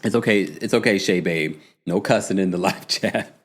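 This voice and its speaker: A man hosting a casual reality-TV recap livestream, talking in an animated, sassy, gossipy way. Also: deep voice, moderate pace. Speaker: host.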